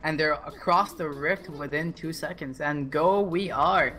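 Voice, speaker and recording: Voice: mid-range voice, measured pace, pushed and bright, slight background noise. An esports caster doing casual commentary and teasing the co-caster.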